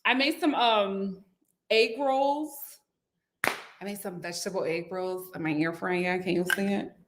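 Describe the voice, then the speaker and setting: A woman's voice: medium pitch, a little slow, a little hiss or hum. A woman hosting a casual live stream from home, chatting and reading viewer comments aloud.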